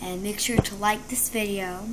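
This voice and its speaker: A woman's voice: medium pitch, fairly even intonation, normal speed, very noisy. A female vlogger telling a dramatic story about her injured ankle to the camera, chatty and sometimes dropping into a whisper.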